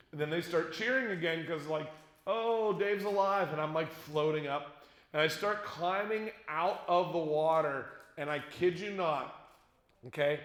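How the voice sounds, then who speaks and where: Male youth speaker with a high voice; lively, jokey storyteller to middle schoolers, recorded in a roomy church space. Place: church conference room with an audience. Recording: echoey room.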